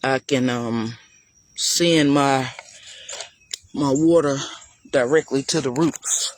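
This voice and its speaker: Walking viewers through his outdoor garden, a male gardening vlogger talks in a loose, chatty way and addresses them as y'all. He speaks slowly in a mid-range voice.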